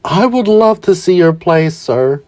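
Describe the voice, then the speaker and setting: A man's voice: sits high, unhurried, pitched above the performer's own voice. A man voicing an eager teenage boy student who fanboys over his teacher. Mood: excited. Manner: starry-eyed and excited.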